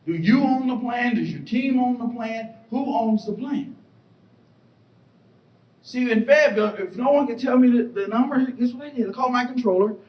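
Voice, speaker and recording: A middle-aged man giving a motivational keynote, telling stories with lively acted-out voices and questions to the crowd. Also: fairly quick, few pauses. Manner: animated storytelling, acts out voices and asks the crowd questions. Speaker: keynote speaker. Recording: echoey hall, distant mic, faint rumble.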